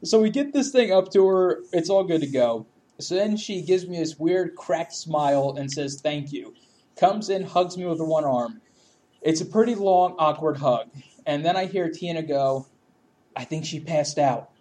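Man, fairly high voice, casual storytelling, frequent laughter, heavy swearing, acts out quotes. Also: animated, moderate pace, dark tone.

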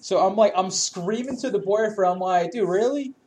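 A man's voice: high voice, normal speed, darkish tone. A man telling a story in casual chat, laughing often, swearing freely and acting out what people said.

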